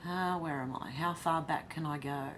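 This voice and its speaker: Australian woman, lowish voice, casual livestream chat, reads comments, faint noise behind. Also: moderate pace, a bit bright. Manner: chatty, reads comments aloud and reacts with laughs. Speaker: livestream host reading chat.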